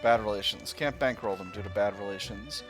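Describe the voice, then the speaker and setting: Guy narrating his strategy game, casual and thinking out loud, soft music in the back. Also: fairly low pitch, brisk. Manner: chatty, thinks aloud with fillers and playful asides. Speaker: strategy game let's player. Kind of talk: casual gameplay commentary.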